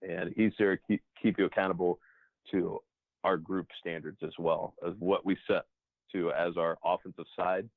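Low-voiced man on a phone-like line. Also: normal speed, creaky, dry recording. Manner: animated anecdotes, acts out dialogue. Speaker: professional baseball player. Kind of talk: casual storytelling interview.

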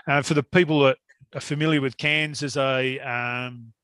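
A man's voice: medium pitch, fairly even intonation, normal speed, a bit bright, no room sound, clean studio sound. A middle-aged Australian man telling a long story in casual conversation, rambling and laughing often. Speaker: guest hunter.

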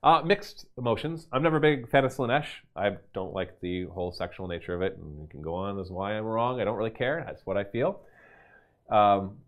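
Brief: low-pitched male host, casual and animated, reads out viewer questions, laughs easily. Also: fairly quick. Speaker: host and game master of a gaming store stream. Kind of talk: casual livestream chat answering viewer questions.

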